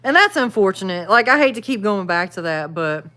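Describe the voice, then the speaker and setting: A woman's voice: mid-range voice, big pitch swings, fairly quick, pushed and bright. A Southern woman chatting loosely with her viewers on a livestream. She is easygoing and self-deprecating, laughs a lot and drops plenty of y'all. She talks like she is among friends. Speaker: channel host reading live chat. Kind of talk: casual livestream chat.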